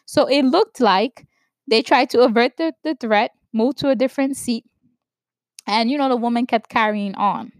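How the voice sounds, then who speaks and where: A woman from New York giving opinion commentary, stressing words slowly and checking in with "right?". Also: a little high, dry recording. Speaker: vlogger commenting on news.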